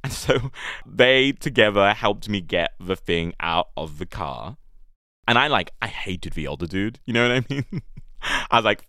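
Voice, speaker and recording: A man's voice: lowish voice, big pitch swings, moderate pace, fairly bright tone, no echo, studio quality. A young man with an English accent telling a personal story in a chatty, amused way, full of fillers. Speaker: guest storyteller.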